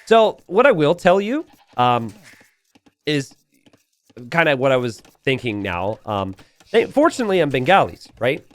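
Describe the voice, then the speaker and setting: A man's voice: a little high, very animated, a little slow. A young adult man giving casual, chatty commentary over a strategy game replay, telling the story with plenty of "uh" fillers.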